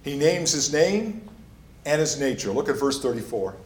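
A man's voice: mid-range voice, expressive, moderate pace. A male pastor preaching a sermon, stressing and repeating his key points as he teaches. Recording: echoey room.

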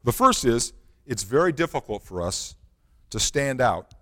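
A male pastor delivering a sermon with earnest conviction, often posing rhetorical questions to his listeners. His mid-pitched voice rings out with a long reverb tail, as if filling a large hall. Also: sing-song, unhurried, fairly bright tone.

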